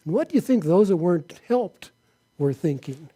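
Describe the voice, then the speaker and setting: A pastor delivering a sermon, his voice pitched high for a man yet mellow and soft in tone. He reads Bible passages aloud and then turns to his listeners with questions. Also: animated, moderate pace, husky. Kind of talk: sermon reading scripture.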